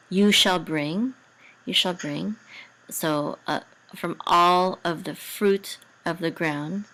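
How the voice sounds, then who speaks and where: Slow, low-voiced woman teaching. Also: a bit bright, low-quality recording. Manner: patient and methodical, with hesitant fillers and restarts. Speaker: Hebrew and Torah cantillation teacher. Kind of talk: language lesson, sounding out words syllable by syllable.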